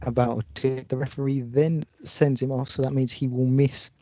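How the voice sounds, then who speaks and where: A man's voice: medium pitch, flat delivery, normal speed, dark tone, no echo. A man co-hosting a football podcast, running through the news with lots of hesitant "uh" fillers. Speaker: podcast co-host.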